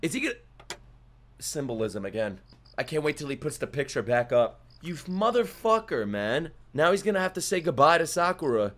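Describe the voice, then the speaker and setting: A man giving casual live reaction commentary while watching an anime, swearing freely and swinging between quiet muttering and loud outbursts. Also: fairly high pitch, normal speed. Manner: excitable, profane, swings from muttering to shouting. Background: faint anime soundtrack music.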